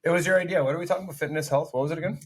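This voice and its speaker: A man's voice: a little high, fairly even intonation, rapid-fire, husky. A man co-hosting a podcast in casual chat, teasing his friends and laughing a lot. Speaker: podcast co-host.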